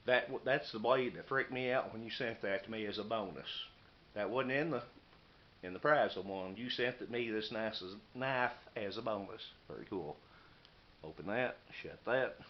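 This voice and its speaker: Man, folksy hurried vlog talk, clear background noise. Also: fairly low pitch. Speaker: YouTuber showing knives and meal kits. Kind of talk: casual unboxing vlog. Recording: muffled lo-fi camera audio with noise.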